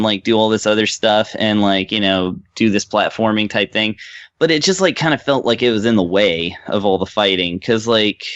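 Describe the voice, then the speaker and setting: A man's voice: fairly low pitch, a bit bright, smooth, no echo, muffled recording. A man co-hosting a podcast, chatting casually about a game he reviewed, rambling with lots of fillers. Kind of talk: casual chat.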